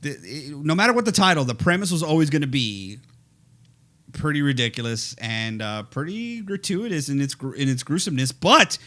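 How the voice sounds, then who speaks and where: Rambling, animated male podcast co-host. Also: a little high, normal speed. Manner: animated, rambling, breaks into silly voices. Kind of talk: casual chat.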